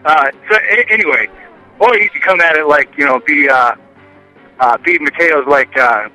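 A man's voice: a little high, animated, normal speed, sharp tone, soft background music, low-quality recording. A male caller, a fitness instructor, giving laid-back advice and calling everyone dude and man. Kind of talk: casual call-in advice.

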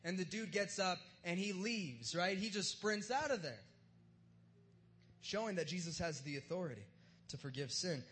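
A man preaching a sermon with a notably high voice. He talks loosely and jokes with everyday slang, like he's chatting with the congregation. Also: animated, normal speed, a bit bright. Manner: casual and joking, uses slang. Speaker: pastor. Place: church service in front of a live crowd.

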